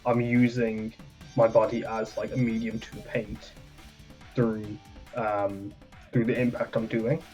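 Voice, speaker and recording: A man's voice: fairly low pitch, flat delivery, slow pace, darkish tone. A man playing a tabletop role-playing game, thinking aloud in a hesitant way full of fillers. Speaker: player. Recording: muffled audio with background music.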